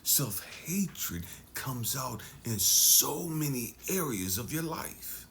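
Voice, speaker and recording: Male motivational speaker, mid-pitched, swinging between whispers and bursts. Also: sing-song, slow, gravelly, a little hiss or hum. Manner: intense, drops to hushed near-whispers then surges for emphasis. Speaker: life coach and speaker. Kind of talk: motivational talk to camera.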